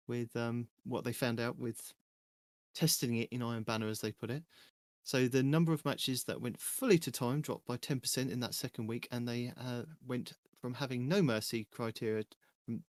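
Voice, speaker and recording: A man's voice: mid-range voice, no room sound, clean studio sound. A man hosting a casual gaming podcast, chatting and reading through game update notes. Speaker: podcast host.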